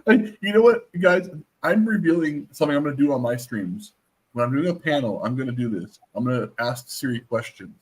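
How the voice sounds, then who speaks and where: A man's voice: mid-range voice, expressive, a little fast, darkish tone. A man streamer in casual chat, talking in a playful, teasing, joking way.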